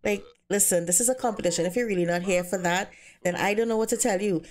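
A woman's voice: mid-range voice, fast, a little mellow, natural voice. A woman voicing a laid-back young male dating-show contestant who talks in a dismissive, chill way, in a voiced game role-play.

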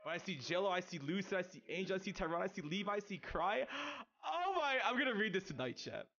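A young man on a live stream reads viewer messages in casual chat, excitable, with loud outbursts, swearing, and a stutter that makes him restart often. His voice sits high, he talks quickly, and the audio is dull.

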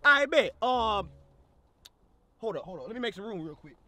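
A man acting out a comedy sketch, loud, pushy and quick to shout. His voice sits high and swings widely in pitch. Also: very animated.

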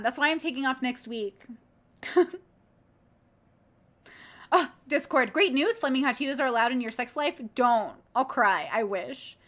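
Woman streamer, bit higher voice, gushing and cursing freely in loose casual chat. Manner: excitable, profane, rambling. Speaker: streamer reacting to video clips.

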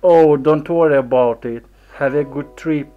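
Man as laid-back young traveler, slow, casual, textbook dialogue. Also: a little high, narrow, tinny audio, soft background music, close to an everyday voice. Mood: friendly. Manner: casual, easygoing. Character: relaxed young man at airport.

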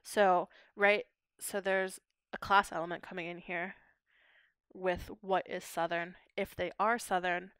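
A woman's voice: fairly low pitch, level tone, measured pace, fairly bright tone, smooth, no echo, studio quality. A young woman from Pittsburgh, a linguistics PhD student explaining her research in a podcast interview, articulate and academic. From Pittsburgh, USA. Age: young adult.

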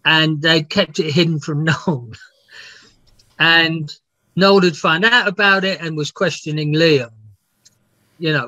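A man's voice: a little high, slow, pauses often, bright, forceful tone, no room sound. A man, a music biographer, telling rambling, laughing anecdotes with some swearing in a casual interview. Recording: dull, dry lo-fi sound.

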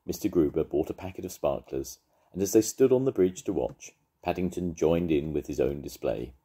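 An older man, a grandfather, reading a children's story aloud in a lively, expressive way. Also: rumbling low, moderate pace, husky.

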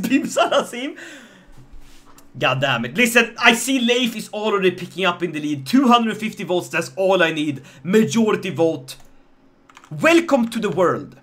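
A man with a Swedish accent commentating his live game stream, joking and animated as he talks to chat. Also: high-pitched.

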